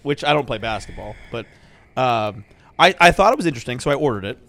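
A man's voice: mid-range voice, sing-song, fast talker, fairly bright tone. A man chatting casually as a podcast host, laughing often and acting out voices in his anecdotes. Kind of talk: casual chat.

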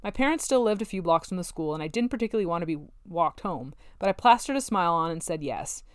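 A woman narrating a novel in the first person, with steady, wry storytelling. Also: lowish voice, fast, clear, resonant tone, dry recording, clean studio sound. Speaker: audiobook narrator.

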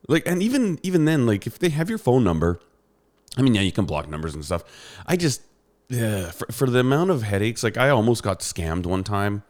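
A man chatting casually with a friend over an online call, telling animated stories and laughing often. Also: mid-range voice, a little fast. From Canada. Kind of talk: casual chat. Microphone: headphones on an online call.

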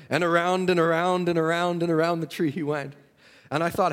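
Preacher guy, kinda high voice, folksy story, big echoey hall. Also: steady tone, fairly quick, smooth. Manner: folksy storyteller, swings from hushed to shouting. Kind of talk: sermon storytelling.

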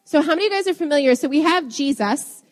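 Young woman preacher, lively and self-laughing, higher voice, reverberant hall sound. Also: fast. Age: young adult. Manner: animated, laughs often at herself. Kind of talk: sermon.

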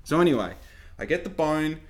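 A man's voice: on the high side, expressive, brisk. Heated, sweary man ranting. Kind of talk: profane storytelling rant.

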